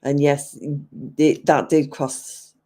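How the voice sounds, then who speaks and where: Low-voiced, slow-talking English woman. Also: flat delivery, warm tone. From England. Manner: chatty, answers live chat comments aloud, laughs often. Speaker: livestream host. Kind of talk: casual chat with viewers.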